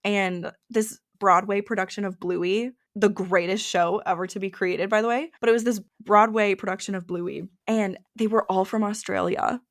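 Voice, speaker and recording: A woman's voice: mid-range voice, steady tone, moderate pace, hardly any pauses. Young woman host for a chatty solo podcast, rambling and self-interrupting, with light keyboard typing in the background. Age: young adult. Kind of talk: casual solo podcast, googling and reacting.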